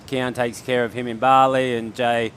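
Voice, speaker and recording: A man's voice: mid-range voice, little pitch movement, moderate pace, a bit bright, a little hiss or hum. Chatty Australian man telling a story. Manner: chatty storyteller, laughs often. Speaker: surf commentator. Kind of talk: live sports commentary banter.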